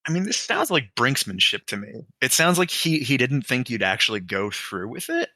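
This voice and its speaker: A man's voice: medium pitch, big pitch swings, normal speed, bright, forceful tone, dry recording. A man on a casual podcast giving his take on a friend's story.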